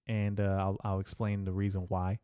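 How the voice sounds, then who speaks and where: A man's voice: deep voice, little pitch movement, normal speed, clear, resonant tone, no echo, lo-fi sound. A man hosting a podcast, ranting in a profane, rambling, emphatic comedic way into a close mic. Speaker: podcast host. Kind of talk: casual comedic rant.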